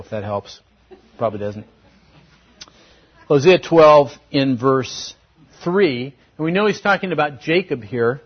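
A man's voice: medium pitch, husky, highs cut off. A man preaching a sermon in a conversational way, building to emphatic questions. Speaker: pastor.

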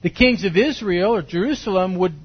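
A man with a slightly high, husky voice preaches in a relaxed, conversational way. He walks his listeners through scripture and keeps turning to them with questions. The sound is dull and lo-fi, like an older church recording. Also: a little fast. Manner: conversational, asks listeners questions, acts out quotes. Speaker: pastor. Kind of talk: sermon, verse-by-verse Bible teaching.

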